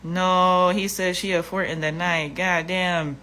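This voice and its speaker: Woman vlogger, bright forceful tone, blunt and profane. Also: lowish voice, steady tone, unhurried, slight background noise. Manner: blunt and profane, exasperated, repeats herself. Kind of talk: casual livestream rant.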